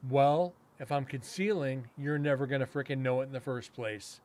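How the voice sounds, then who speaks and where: A man's voice: mid-range voice, darkish tone. A man casually telling a long story, rambling with fillers and restarts and acting out what others said. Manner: rambling, with frequent fillers and self-restarts, chuckling; acts out other people's lines in quick quotes. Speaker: paranormal investigator and podcast host.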